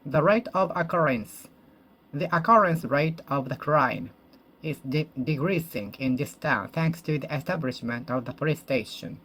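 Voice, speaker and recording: A native Japanese speaker practicing English alone, slowly repeating and rephrasing each sentence and correcting themselves as they go. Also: mid-range voice, a bit bright, husky. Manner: slow, careful, deliberate. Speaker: English learner. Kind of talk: solo speaking practice monologue.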